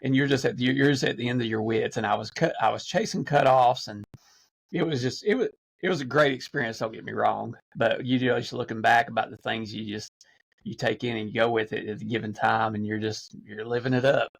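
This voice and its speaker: A man's voice: medium pitch, fairly quick, gravelly, poor audio. A man, a podcast guest, telling stories in a rambling casual way, with many fillers and restarts. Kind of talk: casual storytelling.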